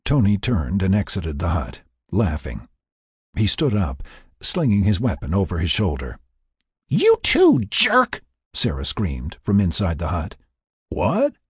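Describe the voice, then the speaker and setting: A low-pitched man reads a story aloud with lively, swinging intonation. His tone is very husky and breathy, recorded close in a dry space. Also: normal speed, dry recording. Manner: expressive, storytelling. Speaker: narrator. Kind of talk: audiobook narration.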